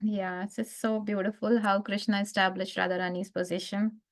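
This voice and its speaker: A woman's voice: medium pitch, little pitch movement, moderate pace. A woman leading a devotional reading group, speaking casually and enthusiastically. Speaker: group leader.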